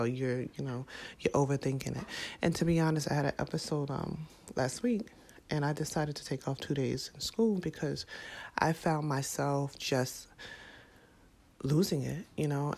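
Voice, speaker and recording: A woman, a mother, speaking to camera in a casual, heartfelt way, reflective and halting, with many fillers and restarts. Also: low-pitched, darkish tone. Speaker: parent vlogger.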